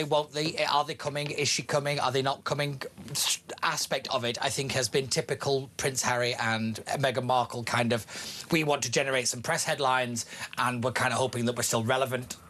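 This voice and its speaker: Woman, co-host, very low pitch, frank, opinionated. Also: steady tone, brisk, fairly bright tone. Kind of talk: casual studio chat.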